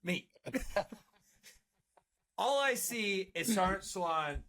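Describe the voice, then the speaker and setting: A man's voice: high-pitched, animated, slow, bright, forceful tone, a little hiss or hum. A man, a Marine veteran guest on a podcast, telling stories in casual chat, swearing freely, laughing along and restarting his words often.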